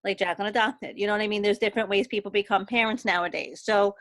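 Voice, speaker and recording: Panelist: woman in her forties, mid-pitched voice, emphatic and conversational. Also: steady tone, fast, a bit bright. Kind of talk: casual group discussion.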